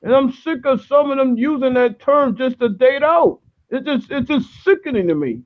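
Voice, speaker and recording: A woman's voice: high-pitched, lively intonation, moderate pace. A woman speaking as a guest in a casual discussion, indignant and fed up. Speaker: panel guest. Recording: tinny phone line.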